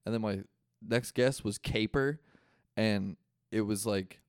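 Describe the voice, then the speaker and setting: A young man talks in a loose, casual way, swearing often and padding his sentences with fillers. His voice sits a little low, and the recording is dry and close. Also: slow, dry recording. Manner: loose, profane, full of fillers. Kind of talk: casual chat.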